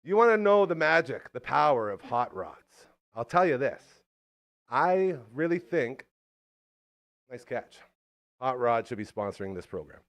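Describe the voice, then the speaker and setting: A man hosting a live show. He is showy and playful, and his voice leaps up and down constantly. He jumps from booming announcements to quiet asides. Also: sing-song, measured pace, vocal fry, long pauses. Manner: playful, showman-like, big swings between loud announcing and quiet asides. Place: show studio set.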